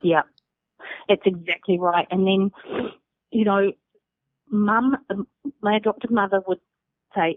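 A woman's voice: medium pitch, steady tone, slow pace, pauses often, no room sound. Woman with a New Zealand accent, middle-aged, candid and blunt, dry tinny phone-like sound. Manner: candid, swears freely. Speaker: guest. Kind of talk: emotional personal story.

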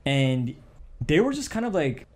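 A young man tells a story on a casual podcast and acts out the voices of the people in it. His voice sits a little high for a man. He talks in loose, run-on bursts. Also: unhurried. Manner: animated, acts out quotes with raised pitch. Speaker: podcast co-host.

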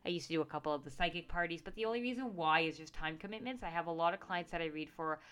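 A woman's voice: on the low side, rapid-fire, a bit bright, smooth. A woman who works as a professional psychic, talking casually and earnestly, reassuring listeners with many fillers and restarts. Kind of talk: casual talk to camera.

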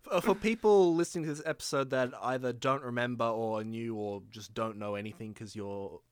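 Soft-spoken podcast man, dry sound. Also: medium pitch, a little fast, smooth, dry recording. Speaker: podcast co-host. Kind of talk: casual chat.

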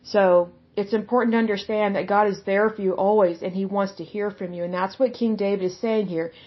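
A woman's voice: medium pitch, fairly even intonation, brisk, dull audio. A woman teaching from the Bible in a casual, conversational way, blunt and outspoken.

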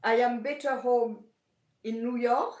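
Slow French-accented woman on a video call. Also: a little high, fairly even intonation. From France. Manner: halting, searching for English words. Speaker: guest aesthetician. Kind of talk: remote interview. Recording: echoey room over video call.

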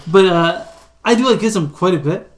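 Male podcast co-host, fairly high voice, halting and repetitive, casual music chat. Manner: halting, repeats words, chuckling.

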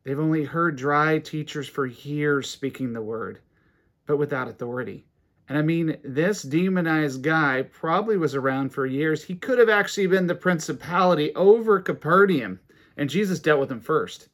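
A man preaching a sermon, animated and rising to emphatic peaks, reading scripture aloud between his comments. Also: on the high side, normal speed. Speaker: pastor.

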